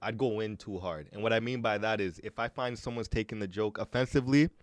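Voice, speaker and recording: A young Canadian man hosting a podcast, talking casually in a halting way, often repeating his words as he tells stories. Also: fairly low pitch, dry recording. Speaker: podcast host.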